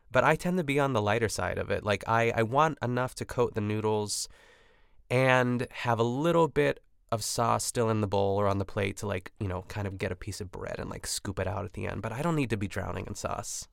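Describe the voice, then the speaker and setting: A man's voice: fairly low pitch, creaky, a bit bright, dry recording, studio quality. A man hosting a podcast, recapping a cooking show in rambling, chatty casual talk full of "like" and jokey asides. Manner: rambling and chatty, heavy use of "like"; jokey, laughs at his own asides. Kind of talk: casual chat.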